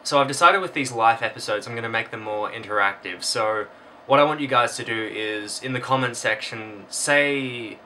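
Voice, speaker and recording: A man's voice: mid-range voice, sharp tone. A young man, hosting a casual vlog in a dry, reflective way. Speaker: vlog host. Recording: distant from the mic, faint background noise.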